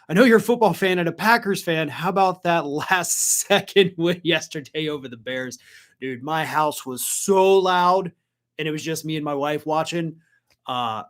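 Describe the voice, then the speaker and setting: A man hosting a political commentary livestream, talking conversationally and reading out viewer comments. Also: fairly high pitch. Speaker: host.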